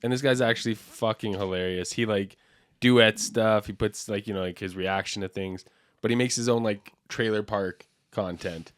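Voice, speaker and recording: A man's voice: fairly low pitch, fairly even intonation, moderate pace, no room sound. A man co-hosting a podcast, chatting casually and swearing a lot as he reacts to videos. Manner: profane, laughing, loose banter. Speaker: podcast co-host.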